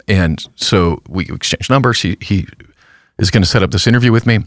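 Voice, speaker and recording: Low-voiced man telling a story. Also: lively intonation, no echo, studio quality. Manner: self-deprecating storyteller, halting restarts. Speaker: pastor and podcast host. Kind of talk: casual chat.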